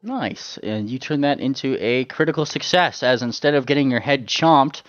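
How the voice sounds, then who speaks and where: A man's voice: medium pitch, expressive, normal speed, no echo, soft background music. A man running a tabletop game as game master, rambling with lots of fillers and repeated words. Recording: dull lo-fi sound.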